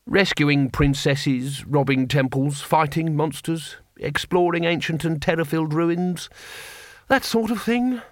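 A man voicing a mild, polite former teacher who talks calmly and drily. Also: fairly high pitch, unhurried, no echo, close to an everyday voice. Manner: calm, dry and polite.

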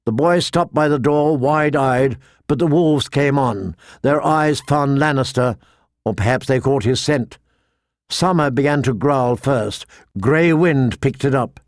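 A man narrating a fantasy novel in a measured, steady storytelling voice. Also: mid-range voice, dry recording, studio quality. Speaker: audiobook narrator.

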